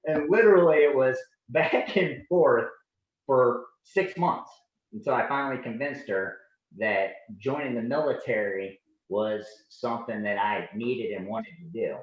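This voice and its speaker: A man in his forties tells a story casually as a podcast guest. His voice has a middle pitch. It is recorded in a roomy space that sounds a little dull and lo-fi. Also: a little slow. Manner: animated anecdotes, acting out dialogue. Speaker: podcast guest, Navy veteran.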